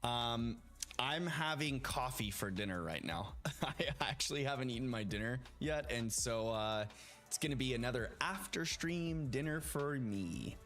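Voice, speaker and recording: On a live stream, a man chats casually with viewers, upbeat and greeting people by name. His voice is medium-pitched, animated, unhurried and slightly bright, with faint music in the background.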